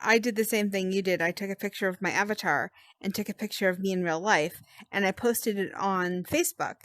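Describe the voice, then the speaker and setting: A woman hosting a casual interview, friendly and quick to laugh. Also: medium pitch, a bit bright, dry recording. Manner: friendly, asks questions, laughs easily. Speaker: host.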